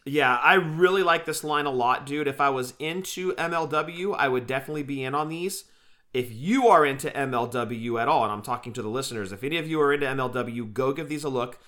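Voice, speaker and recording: An excitable man co-hosting a casual podcast who keeps tossing in "dude". His voice is bright and forward, with a mid pitch. He gushes and weighs things out loud in an easygoing way. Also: fairly quick. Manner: enthusiastic, says "dude" often. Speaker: podcast co-host. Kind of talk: casual chat.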